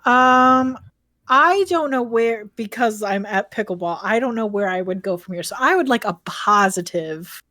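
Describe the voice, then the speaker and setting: A woman's voice: fairly high pitch, animated, moderate pace, bright, forceful tone, dry recording. A woman player in a tabletop role-playing game, narrating her scene in a casual, rambling way with lots of fillers.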